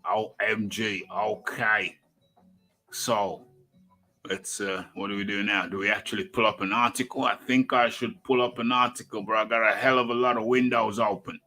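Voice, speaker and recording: A man's voice: lowish voice, sharp tone. A man hosting a casual boxing talk live stream, rambling to himself and reading an article aloud. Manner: rambling, talks to himself and calls himself by name in the third person. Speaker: boxing talk show host.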